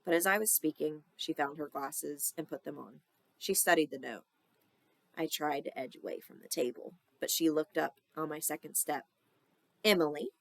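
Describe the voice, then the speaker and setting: A woman teacher reading a children's novel aloud, giving the characters lively voices. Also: sits low, normal speed, creaky, dry recording. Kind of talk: storybook read-aloud.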